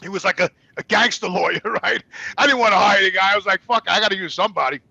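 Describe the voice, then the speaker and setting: A man's voice: high-pitched, fast, gravelly, dry recording, muffled recording. A man telling a rambling, profane story in casual talk, acting out the people he quotes. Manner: profane, animated, acts out quotes. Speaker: guest.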